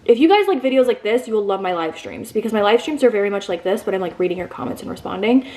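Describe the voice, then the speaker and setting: A woman's voice: mid-range voice, lively intonation, fast, a little mellow. A young pregnant woman talking casually in a get-ready-with-me vlog, rambling with fillers and restarts. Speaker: vlogger. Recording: echoey room.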